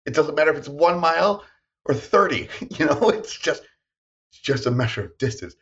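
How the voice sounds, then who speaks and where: A man co-hosting a podcast in casual chat, animated and self-deprecating. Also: a little high, moderate pace. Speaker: podcast co-host. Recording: dull lo-fi sound.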